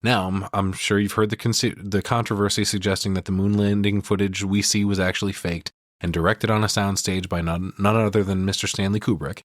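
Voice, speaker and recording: Man, podcast co-host, profane casual recap, lowish voice, dry sound. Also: little pitch movement, brisk, few pauses, dry recording. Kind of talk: casual film breakdown.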